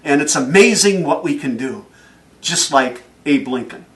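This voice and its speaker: A man giving a motivational speech, telling stories in an animated way and chuckling often. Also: a little high, a little slow, recorded from a distance. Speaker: motivational speaker.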